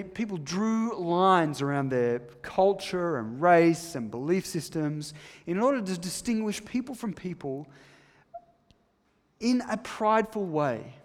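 A male preacher delivering a sermon with a slightly raised voice. He leans hard on key words, then drops into quiet, low asides. The sound is a church hall with long, lingering reverb. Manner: emphatic, shifts between loud stresses and soft, low asides.

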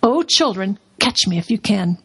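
A woman reading aloud, voicing a great male lion in a storybook in a calm, measured way. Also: mid-range voice, slightly rough, exaggerated voice, rough recording. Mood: solemn, joyful.

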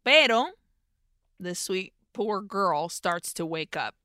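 A woman's voice: mid-range voice, animated, slow, bright, forceful tone, no echo, studio quality. A woman co-hosting a podcast, animatedly retelling a film plot in casual chat and slipping Spanish words into her English. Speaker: podcast co-host.

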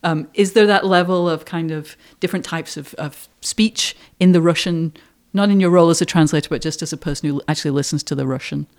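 A woman's voice: sits low, fairly quick, hardly any pauses, darkish tone. A woman hosting a podcast interview, asking long, searching questions. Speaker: podcast host.

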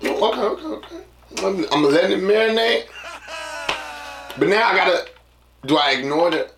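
Male podcast host, casual rambling monologue full of slang, slightly high pitch, echoey room. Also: moderate pace, pauses often, noisy background. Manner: rambling, animated storyteller with slang.

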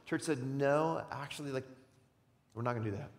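A man preaching a sermon as pastor, animated, swinging between loud emphatic lines and quiet slow ones. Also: medium pitch, big-room sound.

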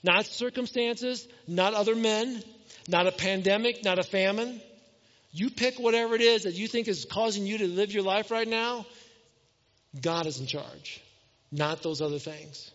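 High-voiced preacher in an echoing hall. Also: male voice, unhurried, muffled recording. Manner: animated storytelling, reading scripture aloud and voicing the characters. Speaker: pastor. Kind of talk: sermon.

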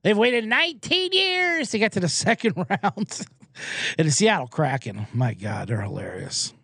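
A man hosting a sports betting podcast alone in a small booth, ranting in a rambling, excitable, profane way. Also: high-pitched, measured pace, vocal fry, husky, dry recording, studio quality. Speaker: podcast host and sports bettor. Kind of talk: casual sports betting rant.

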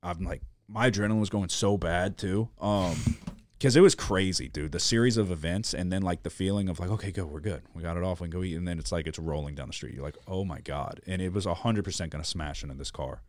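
A man's voice: low-pitched, fast talker. A young man hosting a podcast, telling a chaotic story in casual chat, with lots of swearing and filler words.

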